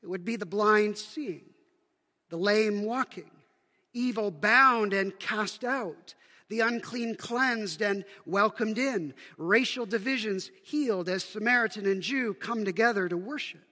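A Canadian man preaches in a high, bright voice, talking easily and posing rhetorical questions to his listeners. His words ring out with a long reverb through a church sanctuary. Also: unhurried. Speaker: pastor. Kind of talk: sermon.

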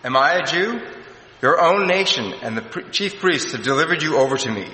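A man reading scripture voices a stern Roman governor who asks brisk, probing questions. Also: on the high side, animated, pushed and bright. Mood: questioning. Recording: echoey hall, long reverb.

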